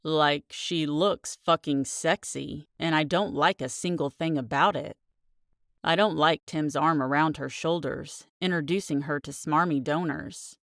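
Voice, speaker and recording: A woman's voice: sits low, unhurried, a bit bright, dry recording, clean studio sound, voice pushed down. A woman voicing a blunt, crude, grumbling young male football player as he narrates an audiobook chapter. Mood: brooding, sour.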